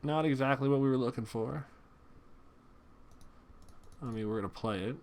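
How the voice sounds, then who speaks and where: A man's voice: medium pitch, normal speed, darkish tone, slight background noise. A man giving casual commentary over a card game he is playing, groaning at bad draws and making self-mocking jokes. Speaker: gaming video host.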